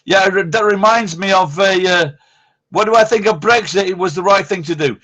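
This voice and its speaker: This man hosts a casual live-stream chat, rambling along bluntly and swearing constantly. His voice sits high with a sharp tone, and he keeps a moderate pace.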